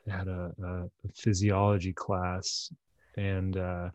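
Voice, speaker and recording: A man hosting a podcast conversation, talking haltingly with many repeats and fillers. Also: deep voice, monotone, darkish tone, dry recording. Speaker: podcast host. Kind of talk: conversational interview.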